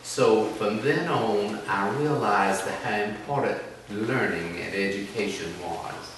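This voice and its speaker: A man's voice: fairly low pitch, takes it slowly, fairly bright tone. An older man from telling rambling, folksy stories about his childhood. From South Carolina, US. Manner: rambling, folksy, self-deprecating. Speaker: oral history interviewee. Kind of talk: reminiscing storytelling. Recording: echoey room, distant mic, noisy background.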